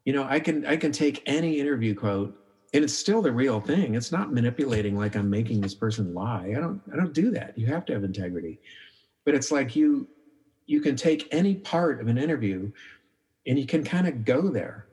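In a casual podcast interview, a middle-aged man who makes documentaries speaks a little fast at medium pitch. He tells stories animatedly, voicing his own thoughts aloud, with frequent restarts and plenty of "like."

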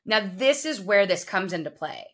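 A woman's voice: mid-range voice, expressive, moderate pace, a bit bright. A woman hosting a faith-based podcast, encouraging her guest with frequent affirming murmurs and explaining her teaching as she talks. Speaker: podcast host.

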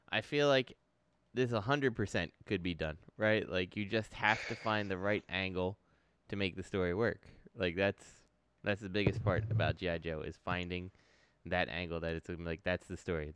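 A man's voice: low-pitched, normal speed, a bit bright, clean tone, no room sound. A man chatting casually on a podcast, easygoing and agreeable. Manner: easygoing, agreeable, laughs along. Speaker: podcast co-host. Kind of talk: casual chat.

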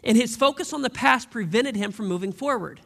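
Male pastor, high voice with gravel, preaching conversationally and leaning on rhetorical questions. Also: a little fast, fairly bright tone. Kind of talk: sermon.

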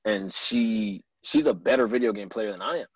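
A man's voice: on the low side, moderate pace, husky, no echo, low-quality recording. A man, a guest actor, chatting casually and telling stories with lots of fillers. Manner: laid-back storyteller, lots of fillers. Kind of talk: casual chat.

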